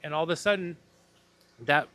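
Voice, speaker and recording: A young man, a podcast guest and breathwork facilitator, telling a deeply personal story in a casual interview, earnest and swearing now and then. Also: normal speed, sharp tone. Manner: earnest, swears casually, acts out his own inner voice.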